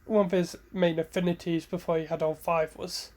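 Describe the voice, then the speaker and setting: A man's voice: a little high, level tone, a little mellow. A man casually retelling a fan-fiction story, rambling and correcting himself as he goes. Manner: unhurried, rambling, self-correcting.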